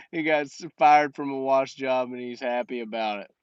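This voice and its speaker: A man's voice: mid-range voice, moderate pace, clear, resonant tone, no echo, dull audio. A man hosting a casual livestream Q&A and coaching business owners in slangy, emphatic talk that repeats his points.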